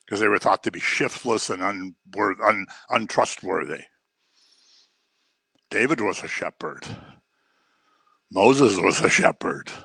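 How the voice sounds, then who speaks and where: A man preaching a sermon in an animated way, acting out the voices he quotes. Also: fairly low pitch, gravelly, husky, no room sound.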